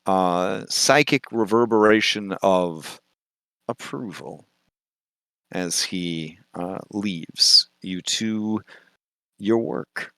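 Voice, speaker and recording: Slow, gravelly-voiced man running a tabletop game; bright, dry delivery, soft music underneath. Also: low voice, dry recording. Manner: slow, halting narration with fillers. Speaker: game master.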